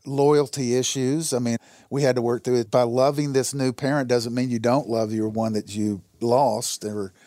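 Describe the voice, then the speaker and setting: In clean studio sound with no echo, a man with a medium-pitched, dark voice speaks at normal speed with fairly even intonation. He shares a personal testimony conversationally, earnest and storytelling, acting out the dialogue within it.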